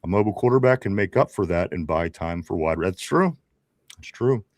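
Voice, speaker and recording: A man's voice: low-pitched, lively intonation, a little fast, darkish tone, no echo, clean studio sound. A man with a Pittsburgh accent hosting a casual sports talk show, reading viewer comments aloud, chatty, with frequent laughs and restarts. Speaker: podcast host reading live chat.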